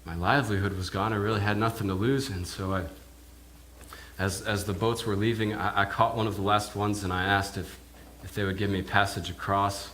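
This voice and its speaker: A man, a minister, telling a sermon in character as a first-person eyewitness, halting and repeating words as he goes. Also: fairly low pitch, steady tone, a bit bright, a little hiss or hum. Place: church.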